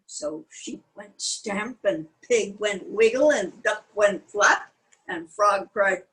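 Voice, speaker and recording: A woman's voice: medium pitch, animated, slow pace, a bit bright, poor audio. An older woman reading a picture book aloud to young children, sing-song and asking them questions along the way. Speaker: children's storyteller.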